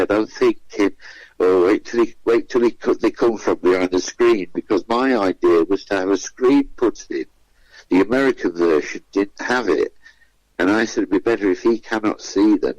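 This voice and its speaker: Low-voiced man telling a story. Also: moderate pace, darkish tone, dry recording, poor audio. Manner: chatty, acts out quoted voices. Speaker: guest comedian. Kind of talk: anecdotal storytelling. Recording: radio interview.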